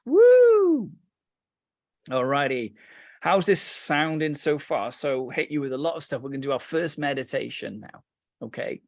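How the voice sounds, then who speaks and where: A man with a British accent teaching meditation, telling lively stories with playful asides, then slowing and softening into calm guidance. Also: fairly high pitch, no room sound, clean studio sound.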